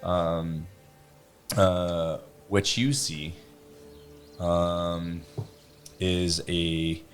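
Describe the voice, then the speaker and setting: A man narrating as game master, halting and relaxed, with many fillers. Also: sits low, faint music behind. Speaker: dungeon master.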